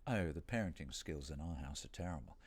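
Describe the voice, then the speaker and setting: Deep, animated, rambling middle-aged man. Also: a little fast, husky. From Britain. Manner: rambling, playful, self-deprecating. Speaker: voice actor hosting a signing stream. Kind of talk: casual livestream chat.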